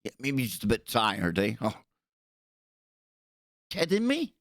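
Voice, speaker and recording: A man's voice: on the low side, brisk, fairly bright tone, dry recording. A man hosting a talk show, commenting indignantly and sarcastically on news clips and often repeating himself. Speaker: host.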